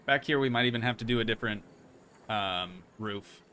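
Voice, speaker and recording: A man's voice: on the low side, normal speed, slight background noise. Chatty young man streaming a building game. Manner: relaxed, chatty, thinking aloud while building. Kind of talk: casual gameplay commentary.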